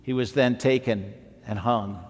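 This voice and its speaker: Slow-preaching man in echoing sanctuary. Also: mid-range voice. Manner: slow, emphatic preaching with swells to shouting. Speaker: pastor. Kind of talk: sermon. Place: church sanctuary. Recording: long hall reverb, faint music behind.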